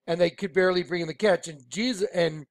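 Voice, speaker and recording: Excited high-voiced man teaching scripture. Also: fast talker, dry recording. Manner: excited, rambling, keeps saying "watch this". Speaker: Bible teacher. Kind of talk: informal screen-share Bible study.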